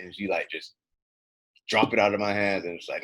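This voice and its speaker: A man's voice: fairly low pitch, quick pace. Profane young man telling a story. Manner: profane, animated storytelling with acted quotes. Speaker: podcast co-host. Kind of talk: casual storytelling chat.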